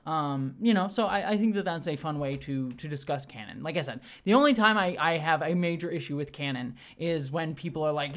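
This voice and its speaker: A young adult host rattles through a casual solo review at high speed, in a mid-range voice. The talk gushes, full of fillers, restarts and quick asides. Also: a bit bright. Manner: gushing, fast-talking, many restarts and fillers. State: briefly teary. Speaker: show host reviewing episodes.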